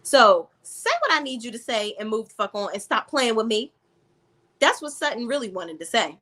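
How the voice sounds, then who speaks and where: A woman's voice: fairly high pitch, expressive, moderate pace, a bit bright. Blunt, sassy woman recapping reality TV. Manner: blunt, sassy, profane, talks straight to viewers. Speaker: reality TV reviewer. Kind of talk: casual recap vlog.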